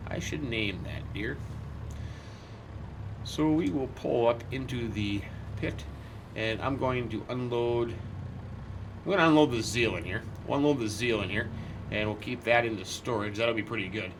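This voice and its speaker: Male game roleplay host, mid-pitched, casual rambling commentary, faint vehicle hum behind. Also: measured pace, pauses often. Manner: rambling, chatty, thinks aloud with many fillers.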